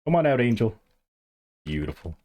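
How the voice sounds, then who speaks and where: A man's voice: medium pitch, moderate pace. A man streaming a game, chatting casually and animatedly to the players with him. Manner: animated, yelps and laughs, chats to other players.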